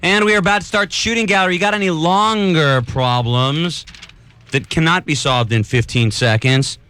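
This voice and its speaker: A man hosting a late-night radio call-in show, joking and teasing callers in a rapid-fire manner. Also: fairly high pitch, sharp tone, clean tone. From New York. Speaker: radio host.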